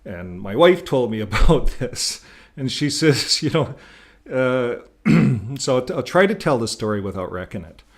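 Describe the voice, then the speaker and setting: A man's voice: medium pitch, big pitch swings, unhurried. Older man rambling casually to camera. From Canada. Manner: rambling, repeats words, chuckles. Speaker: YouTube channel host.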